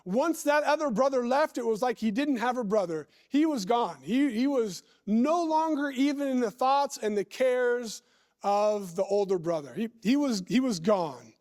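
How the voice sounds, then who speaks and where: A man preaching a sermon in a church. He reads scripture and talks deliberately, stretching words and putting questions to the listeners. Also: extremely high pitch, expressive, darkish tone.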